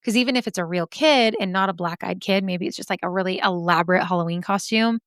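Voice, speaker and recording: Woman podcast host with a smooth, clean voice and a dry, close sound. Chatty and animated, reads listener stories. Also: mid-range voice, quick pace, no echo. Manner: chatty, lively, laughs often.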